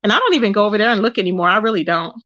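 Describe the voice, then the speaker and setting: A woman hosting a live stream, reading her chat aloud and gossiping in an animated, chatty way, calling her viewers baby and child. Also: mid-range voice, racing, dry recording, muffled recording. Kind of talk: casual gossip commentary.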